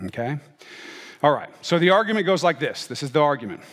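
A man's voice: on the high side, big pitch swings, quick pace, big-room sound. A male pastor preaching a sermon in a casual, conversational way, often checking in with the crowd by asking "right?" and "okay?".

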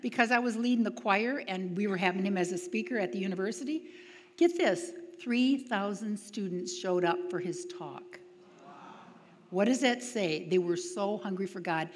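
A woman's voice: medium pitch, normal speed, slight background noise. A woman giving a storytelling talk to an audience, acting out the voices of the people she quotes and laughing often. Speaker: speaker at a retreat. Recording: long hall reverb.

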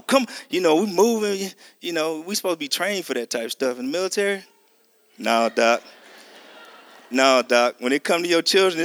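A middle-aged man with a slightly high, fairly bright voice preaches a testimony sermon with no echo. He tells his story animatedly, acts out the dialogue, and talks conversationally, calling his listeners y'all.

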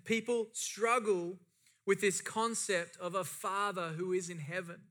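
Man, pastor preaching, high-pitched, bright, passionate emphasis. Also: steady tone, measured pace. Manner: impassioned, rising and falling emphasis. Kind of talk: sermon.

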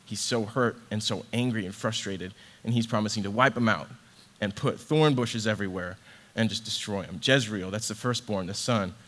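Here the young preacher, an associate director in a ministry, uses a lowish, fairly bright voice at a moderate pace with hardly any pauses. His sermon is earnest and conversational, loosened by casual fillers.

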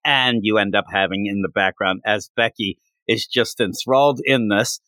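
A man's voice: lowish voice, normal speed, pushed and bright, dry recording. Male podcast host, enthusiastic rambling recap, dead dry recording. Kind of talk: casual manga chapter recap.

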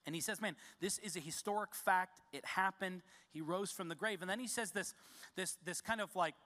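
A man's voice: high voice, moderate pace, bright, forceful tone, big-room sound. A male pastor preaching a sermon in a church, emphatic and repeating key words for stress. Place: church sanctuary.

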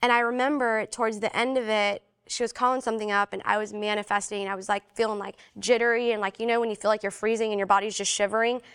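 A young adult woman speaks as an interview guest, sharing a personal testimony as a casual, animated story. She's a fast talker with a smooth, mid-range voice and few pauses, and she leans on "like" as a filler and acts out every voice she quotes.

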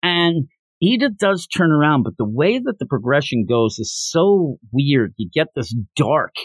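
A man hosting a podcast, recapping a manga chapter in an animated, enthusiastic way. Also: on the high side, unhurried, dry recording. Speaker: podcast host.

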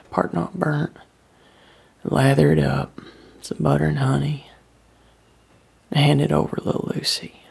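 Gravelly woman telling a story. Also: low voice, a little mellow. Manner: drawling dialect storytelling, slipping into breathy whispers. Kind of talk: first-person dramatic monologue.

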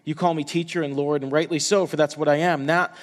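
A man preaching a passionate sermon as pastor, dropping to hushed tones for quoted words. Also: a little high, steady tone, fast talker, long reverb tail.

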